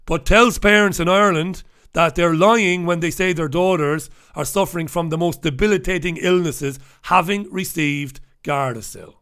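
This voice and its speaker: A man's voice: a little high, normal speed, hardly any pauses, fairly bright tone, clear, resonant tone. A man hosting a sarcastic, swearing review of the day's newspapers, ranting about the stories. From United Kingdom. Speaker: host. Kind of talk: scathing newspaper review monologue.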